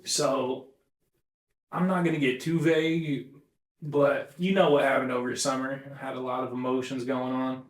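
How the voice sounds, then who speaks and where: A man's voice: mid-range voice, flat delivery, normal speed. A young man co-hosting a casual podcast, telling rambling, profanity-laced stories. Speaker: podcast co-host. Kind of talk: casual chat. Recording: echoey room.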